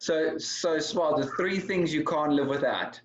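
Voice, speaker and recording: A man's voice: on the high side, a little slow, a little hiss or hum. A male host asking questions in a rambling, friendly casual chat over a video call. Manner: rambling, friendly, repeats himself. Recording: dull lo-fi call audio.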